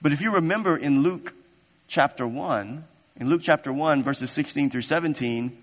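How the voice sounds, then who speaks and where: A man's voice: fairly high pitch, moderate pace, in a large hall. A man preaching a sermon as pastor, impassioned and building into emphatic, repeated declarations.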